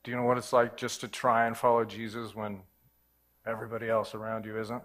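A man's voice: lowish voice, monotone, brisk, a bit bright. A man preaching a sermon, telling his own faith story in a casual, earnest way. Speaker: pastor. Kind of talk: sermon testimony.

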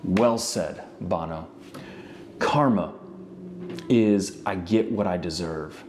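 Low, mellow-voiced preacher telling stories. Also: male voice, takes it slowly, slight background noise. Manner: conversational storytelling with frequent "right?" asides. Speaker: pastor. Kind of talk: sermon.

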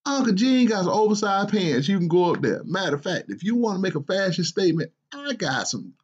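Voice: medium pitch, sing-song, normal speed, slightly rough, dull audio. A performer playing a stern, hardworking father who scolds his grown son with sarcasm in a comedy skit. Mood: mocking. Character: stern middle-aged working father.

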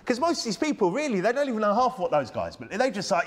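Male British preacher, emphatic and conversational, a bit high and very animated in pitch. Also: fast. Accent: British English. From United Kingdom. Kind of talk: sermon.

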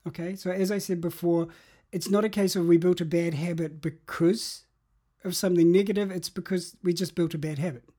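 A man's voice: high-pitched, fairly even intonation, brisk, dark tone. A man talking through how to change habits in an interview, reflective and explanatory, often restarting his sentences. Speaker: guest.

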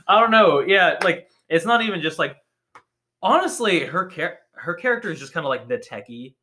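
A man's voice: sits high, animated, normal speed, pushed and bright. A young man co-hosting a podcast in casual, profane chat, laughing often and full of fillers. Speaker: podcast co-host.

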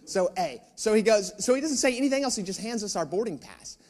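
A male pastor preaching, telling a personal story in an animated, self-mocking way with asides to the room. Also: high-pitched, fast.

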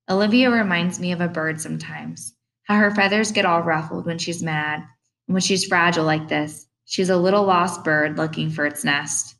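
A woman narrating an audiobook in the first person, expressive and reflective. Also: deep voice, moderate pace, creaky.

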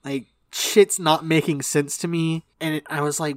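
A man's voice: a little high, fairly even intonation, normal speed, few pauses, fairly bright tone, dry recording. Rambling, profane young man. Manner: rambling, profane, laughing storyteller. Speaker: podcast co-host. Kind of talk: casual storytelling chat.

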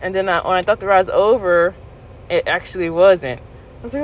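A woman vlogger casually recounting a story to her viewers, candid and laughing, jumping into high squeals when she quotes herself. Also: moderate pace, a little hiss or hum, rough recording. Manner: animated retelling, jumps to high squeals when quoting herself.

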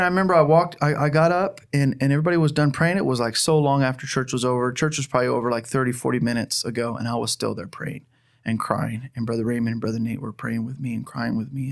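An earnest man of average pitch tells a heartfelt personal testimony as a church planter. He talks through his story with frequent restarts, plain and sincere. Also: steady tone, fast talker, vocal fry.

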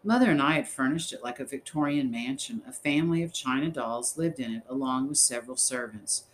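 A man reads a storybook aloud in the first person, at a measured, steady pace. His voice sits at a middle pitch, and a faint hiss runs under it. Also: rough recording. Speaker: audiobook narrator.

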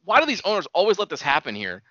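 A man's voice: high voice, huge pitch swings, fast talker, bright, forceful tone, dry recording. A young man chatting casually as a podcast co-host, ranting and swearing with lots of fillers. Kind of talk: casual chat. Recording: dull, dry lo-fi sound.

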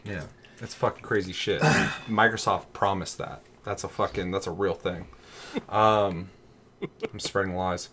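Man, low voice, casual chat, animated, profane. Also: unhurried, slight background noise. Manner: animated, swears a lot, acts out voices in his stories.

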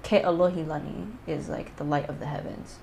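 A woman's voice: low voice, fairly even intonation, fairly quick, gravelly, darkish tone, slight background noise, poor audio. A woman co-hosting a podcast in casual chat, teasing and playfully self-assured. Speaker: podcast co-host.

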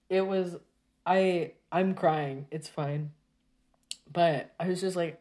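A woman talking casually to her viewers in a rambling, exasperated rant full of halting restarts. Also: sits low, fairly even intonation, darkish tone.

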